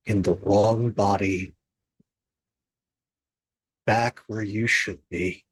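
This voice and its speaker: A man running a tabletop horror game as game master, narrating in a slow, measured, grim way. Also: fairly low pitch, steady tone, husky, dry recording.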